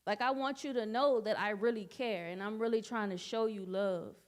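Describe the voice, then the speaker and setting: A woman's voice: mid-range voice, steady tone, moderate pace. A woman speaking at a church Bible study, giving a personal testimony in an earnest way and repeating phrases for emphasis.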